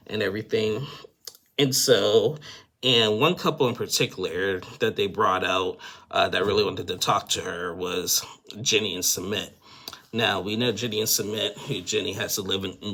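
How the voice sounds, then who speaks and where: Man, deep voice, bright edge, chatty, opinionated, casual recap. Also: creaky. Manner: chatty, opinionated, full of fillers. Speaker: reality TV recap creator.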